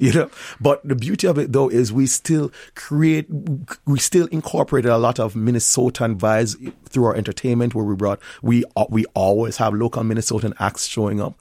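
A middle-aged man with a Jamaican accent, a restaurant owner speaking as an interview guest, animated, with frequent laughs. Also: mid-range voice, no echo, studio quality. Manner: animated storyteller, laughs often, many restarts. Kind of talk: conversational interview.

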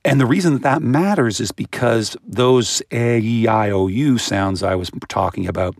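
Gravelly low-voiced man explaining with animation. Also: no room sound, studio quality. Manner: animated, imitates baby sounds with high-pitched bursts. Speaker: guest expert on voice and language. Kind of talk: explanatory interview answers.

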